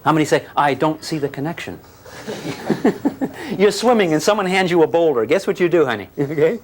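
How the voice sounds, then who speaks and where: A man's voice: on the high side, expressive, moderate pace, slight background noise. An older man giving a physics lecture to a class, teasing and questioning his students as he explains. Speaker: physics teacher.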